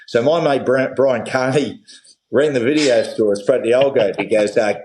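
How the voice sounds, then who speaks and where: A man's voice: medium pitch, fairly quick, a little hiss or hum, poor audio. Middle-aged man spinning yarns. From Australia. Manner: animated storyteller, acts out voices in anecdotes. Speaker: guest. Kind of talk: casual podcast chat.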